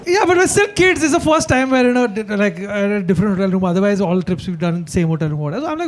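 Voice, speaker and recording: Man, Indian English accent, high voice, animated storyteller, laughing comedy chat. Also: quick pace, few pauses, some chatter behind. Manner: laughs through the story, acts out quoted voices loudly. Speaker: comedian guest.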